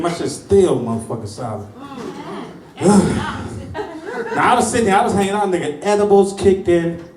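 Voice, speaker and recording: A man doing a stand-up comedy set in a club, telling profane stories and acting out other people's lines. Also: sits high. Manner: profane, storytelling, acts out voices. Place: comedy club stage before a crowd. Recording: roomy club sound, mic at a distance, crowd laughter.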